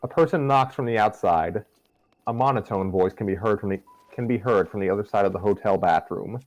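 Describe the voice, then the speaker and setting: A man narrates a fan story in a relaxed, chatty way, trailing into fillers between lines. His voice sits on the low side. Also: fairly quick, no room sound, poor audio. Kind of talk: casual fan fiction narration.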